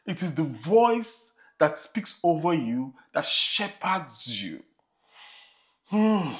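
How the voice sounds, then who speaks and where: Nigerian preacher, emphatic sermon delivery, slow measured pace, swooping lively pitch.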